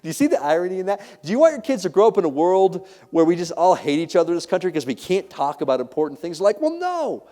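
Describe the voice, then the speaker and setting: Give me a middle-aged man giving a funny motivational keynote, warm-toned and animated. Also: a little high, quick pace, few pauses. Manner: animated, jokey, laughs at his own stories. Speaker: keynote speaker.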